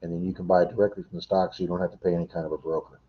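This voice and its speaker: A middle-aged man hosts a casual livestream from home, rambling and answering messages from viewers in chat. His deep voice barely moves in pitch and races along, and the highs are cut off.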